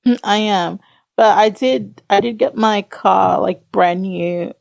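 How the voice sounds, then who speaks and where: A woman's voice: medium pitch, takes it slowly, gravelly, darkish tone, dry recording. A woman co-hosting a podcast, chatting casually with short, laid-back replies. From Australia. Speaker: podcast co-host. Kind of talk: casual chat.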